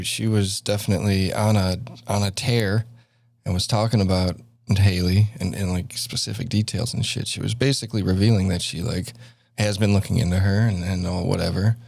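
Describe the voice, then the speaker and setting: A man with a low, gravelly voice talks in a loose, rambling way, full of fillers, self-corrections and half-finished thoughts. He is hosting a casual commentary stream, recorded dry and close. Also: a little mellow, no room sound. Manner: rambling, heavy with fillers and restarts. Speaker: stream host.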